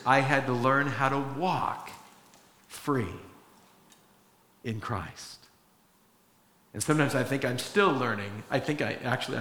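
A man's voice: mid-range voice, sharp tone. Earnest preaching man in a reverberant hall. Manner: earnest, conversational preaching with acted-out quotes. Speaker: pastor. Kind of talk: sermon.

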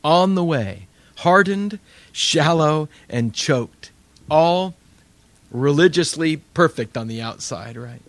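A man's voice: a little high, slow, no room sound. A man preaching a sermon, telling stories with energy and acting out the people he quotes. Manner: animated storytelling, acts out quoted voices. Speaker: pastor.

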